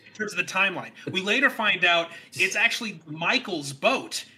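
Young guy reviewing a movie on a podcast, super bright sharp high voice, animated storyteller. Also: moderate pace. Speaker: podcast co-host. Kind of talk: casual film review chat.

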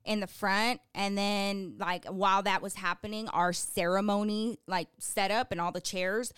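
A young adult woman co-hosting a podcast, telling stories in lively casual chat and acting out what others said. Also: mid-range voice, moderate pace, smooth, no echo, studio quality. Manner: animated storytelling, acts out quotes. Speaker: podcast co-host.

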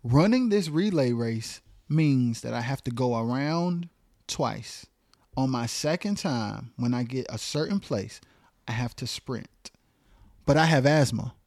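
Male podcast host, deliberate and emphatic, pushes with questions. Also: mid-range voice, lively intonation, a little mellow, dry recording, clean studio sound. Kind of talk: casual podcast conversation.

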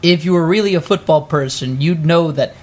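A woman's voice: deep voice, fairly quick, darkish tone. A woman improvising a comedy scene in a pushy, sarcastic, mock-earnest way. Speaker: improv performer. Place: small theater stage.

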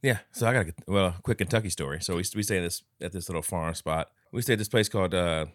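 A man's voice: low voice, fast talker, dry recording, studio quality. A man co-hosting a podcast, telling stories in casual chat, swearing often and acting out the people in them. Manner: animated, swears a lot, acts out the people in his stories. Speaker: podcast co-host.

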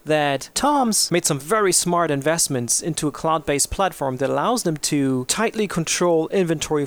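A man hosts a business radio show in a measured, explanatory manner. His voice sits a bit higher than most men's. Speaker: podcast host. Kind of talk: conversational radio show talk.

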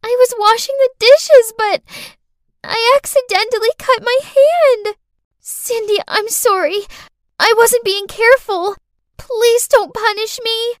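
Eine Frau spricht ein quengelndes, berechnendes kleines Mädchen mit sehr hoher, dünner Stimme, das in einer erzählten Geschichte Unschuld vortäuscht. Die Aufnahme klingt trocken und nah, ganz ohne Hall. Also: female voice, extremely high pitch, very animated, measured pace, pitched above the performer's own voice, exaggerated voice. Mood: tearful pleading. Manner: whiny, tearful pleading. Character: scheming little girl faking innocence. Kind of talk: storytelling podcast.

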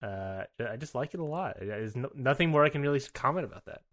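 A man's voice: medium pitch, lively intonation, fast, fairly bright tone. A man co-hosting a casual podcast, reacting with laughs and repeating himself. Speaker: podcast co-host. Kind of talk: casual chat.

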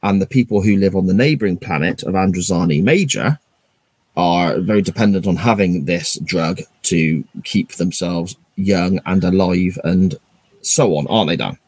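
A deep-voiced man with a husky grain co-hosts a casual podcast chat, taking his time to explain each plot point. The sound is dry and close, with no room around it. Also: normal speed, darkish tone, dry recording. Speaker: podcast co-host.

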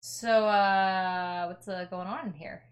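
A woman's voice: medium pitch, takes it slowly. A woman playing a tabletop game, playful and joking as she makes her moves. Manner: playful, jokey, animated. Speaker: player.

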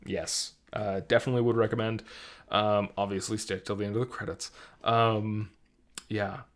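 A young man co-hosting a casual podcast, rambling and animated, full of fillers and restarts. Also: lowish voice, moderate pace. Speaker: podcast co-host.

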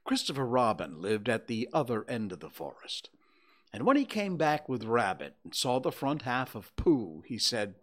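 A man reading a children's story aloud with expressive storytelling. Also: mid-range voice, normal speed.

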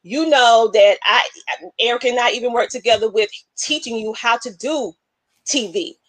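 A woman's voice: a little high, moderate pace, fairly bright tone, dry recording. A woman hosting a live stream, talking casually, emotional and preacher-like. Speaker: live show host. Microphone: webcam.

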